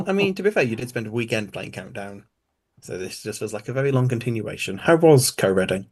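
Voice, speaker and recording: A man's voice: on the low side, big pitch swings, fairly quick, a little mellow, husky. A man hosting an online quiz show over a video call, chatty and teasing.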